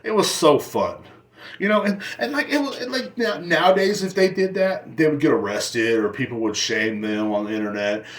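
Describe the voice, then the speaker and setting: On his solo podcast, this young host talks a little high and fairly quick, barely pausing. His crude stories wander all over, and he cracks himself up along the way.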